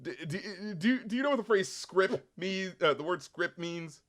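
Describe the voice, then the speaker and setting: Male host, slightly higher voice, swears a lot, laughs easily, acts out film scenes for a casual review chat. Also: normal speed. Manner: profane, animated, laughs often, acts out scenes in quotes.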